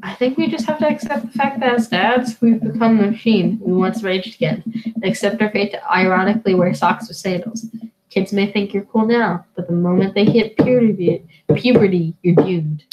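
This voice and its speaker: A woman's voice: medium pitch, a little mellow, a little hiss or hum, rough recording. A woman reading and joking through a dating game in casual let's play commentary, laughing at herself. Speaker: gamer playing a dad dating sim.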